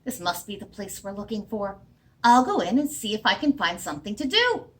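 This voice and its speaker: A woman voicing a small, determined hen that squawks with excitement, reading a storybook aloud. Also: medium pitch, fairly quick, pitched below the performer's own voice, natural voice. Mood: excited.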